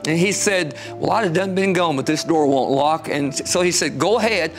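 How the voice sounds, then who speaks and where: Animated man telling his testimony. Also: fairly quick, few pauses, soft background music. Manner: storytelling, gets animated and higher when excited. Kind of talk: emotional personal testimony.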